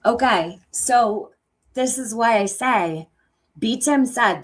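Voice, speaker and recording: A woman's voice: a little high, slow. A middle-aged woman hosting a reaction commentary, speaking bluntly and angrily with lots of swearing and sarcastic quoting. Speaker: commentary channel host.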